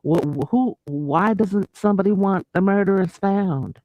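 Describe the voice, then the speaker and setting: Earnest woman guest, halting delivery with repeated words, warm and dry. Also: medium pitch, no room sound, rough recording. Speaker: guest caller on a livestream. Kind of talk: casual conversation.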